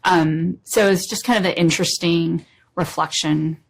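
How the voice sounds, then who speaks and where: A woman's voice: fairly low pitch, fairly even intonation, normal speed, creaky. A woman from the United States answering an interviewer in a thoughtful, sincere way. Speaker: interviewee, actor.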